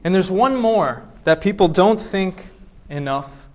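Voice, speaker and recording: A male professor giving a classroom lecture, firing quick questions at his students and acting out voices to make his points. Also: high-pitched, expressive, a little mellow. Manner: acts out voices to demonstrate points.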